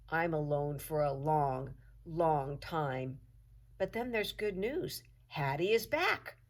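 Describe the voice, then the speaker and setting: A woman teacher reads a children's chapter book aloud with a low, full voice. She tells the story expressively, shaping each line for young listeners.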